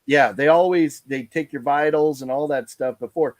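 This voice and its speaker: A man's voice: on the high side, normal speed, no room sound. A tired man hosting a casual live stream, talking in a rambling way with lots of fillers and restarts. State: tired, yawning.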